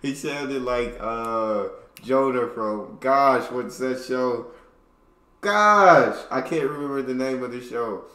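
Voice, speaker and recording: A man's voice: mid-range voice, slow pace, bright, forceful tone. A man with an American accent hosting a reaction video, talking in casual, upbeat slang. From United States. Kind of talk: reaction commentary. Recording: roomy room, faint background noise.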